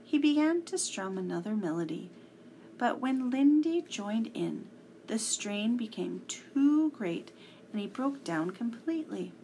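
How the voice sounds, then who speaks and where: A woman reading a children's story aloud, measured and sometimes hushed. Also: on the high side, big pitch swings, slight background noise.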